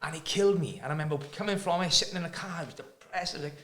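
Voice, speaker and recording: A man's voice: fairly high pitch, lively intonation, racing, fairly bright tone. A man, a fight coach, speaking earnestly and emphatically, repeating words as he makes his point. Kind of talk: casual chat. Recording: echoey room, faint noise.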